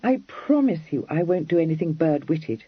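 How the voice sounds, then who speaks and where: A man's voice: fairly high pitch, big pitch swings, normal speed, slightly rough, no room sound, pitched above the performer's own voice. A man voicing an earnest, impulsive young Regency lady who talks in a breathless, pleading way in an audiobook. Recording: dry, dull lo-fi recording.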